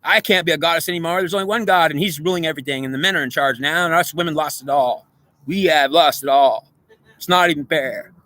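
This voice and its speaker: A man voicing a bitter, dethroned goddess who complains in an aggrieved way, a little higher than his own voice. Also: fast talker, a bit bright, no echo, lightly acted.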